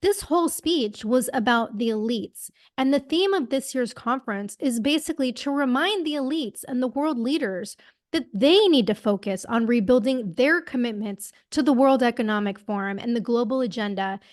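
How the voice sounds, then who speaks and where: Outspoken, sarcastic female podcast co-host; slightly high voice, dry close mic. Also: lively intonation, moderate pace, no room sound. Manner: outspoken, sarcastic, laughs at own slips. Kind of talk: casual podcast commentary, reading quotes.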